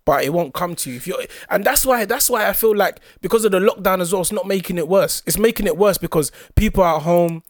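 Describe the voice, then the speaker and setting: A young man tells stories in a relaxed, slangy way on a casual podcast. His voice sits high for a man. The sound is close and dry, with no room around it. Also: quick pace, few pauses, no echo. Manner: laid-back storytelling in street slang. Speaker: podcast co-host. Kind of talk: casual chat.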